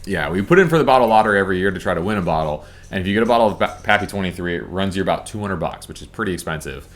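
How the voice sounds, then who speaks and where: Male co-host, deep voice, relaxed anecdotal delivery. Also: racing. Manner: relaxed, chatty anecdote teller. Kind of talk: casual storytelling.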